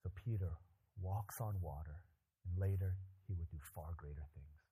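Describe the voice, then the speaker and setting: A pastor preaching a sermon, animated and joking, with loud emphatic climbs in his voice. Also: sits low, normal speed, a little hiss or hum.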